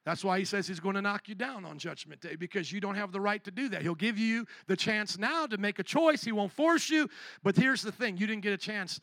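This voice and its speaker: Brisk and forceful, a high-voiced male pastor calls out to his listeners during an emphatic sermon in a bright tone. It's recorded dry and close, without any room echo.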